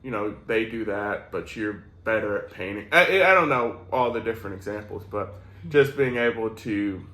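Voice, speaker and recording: Easygoing man with a low voice. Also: lively intonation, normal speed, bright, forceful tone, roomy sound, rough recording. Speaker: co-host. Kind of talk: casual chat.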